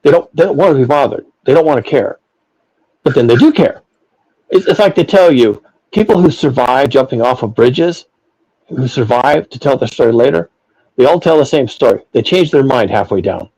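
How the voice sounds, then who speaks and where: A man's voice: mid-range voice, animated, normal speed, dark tone, slightly rough, low-quality recording. A man hosting a philosophical discussion, ranting emphatically and profanely, often repeating himself. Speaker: podcast host.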